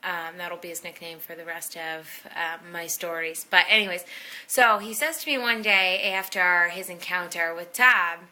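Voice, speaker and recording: A woman's voice: on the low side, moderate pace, bright, forceful tone. A young woman telling a rambling personal story in a casual vlog, full of fillers and asides. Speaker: blogger telling personal stories.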